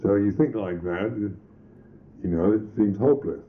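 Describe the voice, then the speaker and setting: A Buddhist monk teacher giving a reflective meditation talk, pausing and restarting his phrases often. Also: fairly low pitch, animated, a little hiss or hum. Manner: slow, reflective, halting with restarts. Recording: tinny lo-fi old recording.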